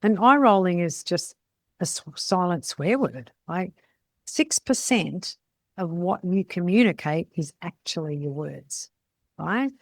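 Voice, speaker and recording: A woman's voice: lowish voice, lively intonation, a little slow, no echo. A middle-aged woman, coaching salon owners in a blunt, chatty way and often tagging her points with "right?". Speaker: salon business mentor. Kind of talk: casual coaching talk.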